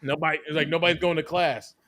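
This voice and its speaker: A man's voice: a little high, steady tone, fast, bright, forceful tone. A man co-hosting a podcast, laid-back, chuckling and swearing as he tells a story. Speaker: podcast co-host. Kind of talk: casual chat with friends.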